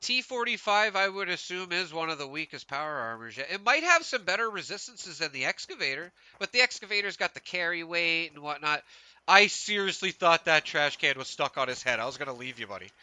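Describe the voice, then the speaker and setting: A man's voice: fairly high pitch, very animated, a little fast, bright, forceful tone, clean tone, no room sound. A man from Canada live-streaming a game, chatting casually, rambling with lots of "like" and frequent laughs. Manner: rambling, laughs often, heavy use of "like". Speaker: gaming streamer.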